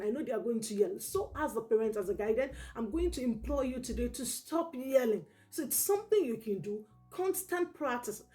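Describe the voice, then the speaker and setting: A woman's voice: on the high side, mellow. Earnest woman giving parenting advice, saying "okay?" often. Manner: earnest, repetitive, peppers talk with "okay?". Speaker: parenting educator. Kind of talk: direct-to-camera parenting advice.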